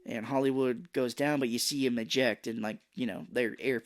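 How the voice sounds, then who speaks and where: On a relaxed film podcast, a male co-host recaps a movie one scene at a time in a mid-range voice. His delivery is casual and talkative, peppered with brief impressions of the characters.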